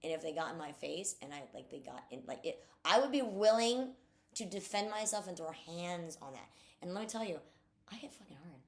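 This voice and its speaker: Woman co-host, quick and fiery, low gravelly voice, swears freely. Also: animated. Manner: blunt, profane, fired-up. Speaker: podcast co-host. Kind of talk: casual chat.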